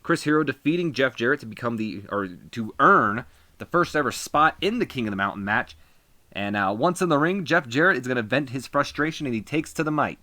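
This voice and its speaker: A man's voice: mid-range voice, expressive, fairly quick, sharp tone, no room sound, studio quality. A man casually narrating a wrestling management game, chatty with rambling asides. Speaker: gaming video host. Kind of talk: casual game playthrough commentary.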